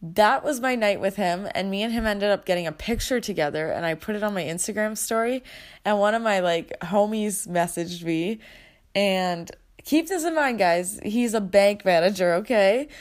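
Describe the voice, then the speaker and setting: A woman's voice: medium pitch, lively intonation, normal speed. Chatty young woman telling a story. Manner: chatty, lots of "like" and swearing, dramatic retelling. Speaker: podcast host. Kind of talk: casual storytelling chat.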